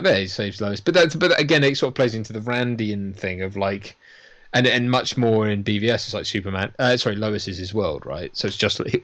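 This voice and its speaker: A man casually chatting through a film watch-along, rambling and swearing, laughing often. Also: on the low side. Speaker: podcast co-host. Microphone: lavalier.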